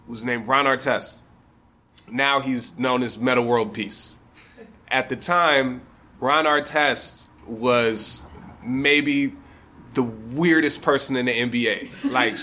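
A man's voice: medium pitch, sharp tone. A man from Michigan telling a funny personal story to a live audience, casual and profane, often chuckling.

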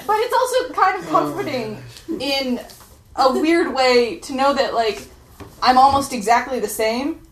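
High, lively self-mocking young woman. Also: a little slow. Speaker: performer reading her old teen blog aloud. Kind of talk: comic live reading to a laughing audience. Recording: echoey room with faint noise.

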